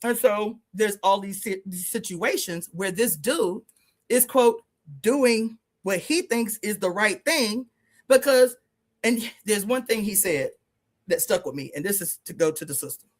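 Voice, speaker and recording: A woman's voice: mid-range voice, lively intonation, measured pace. A middle-aged woman guesting on a radio show, talking bluntly and emphatically with plenty of swearing. She tells her stories casually and laughs along the way.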